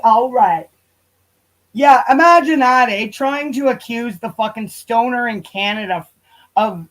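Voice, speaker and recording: In a low-quality recording, a woman with a voice on the high side livestreams on her YouTube channel. Her rant is casual, profane and heated, and she sometimes moves away from the mic.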